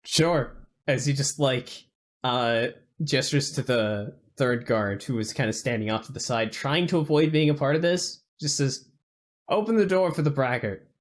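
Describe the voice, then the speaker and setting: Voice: mid-range voice, normal speed. A game master narrating a tabletop game in a loose, rambling way, full of "like" and casual swearing.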